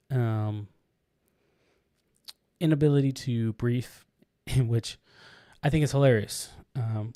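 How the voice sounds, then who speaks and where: A man tells a story in casual podcast chat. His voice is mellow and dark, and the sound is dry and close. He rambles, restarting sentences and leaning on fillers. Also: mid-range voice, no echo. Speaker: podcast co-host. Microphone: podcast microphone.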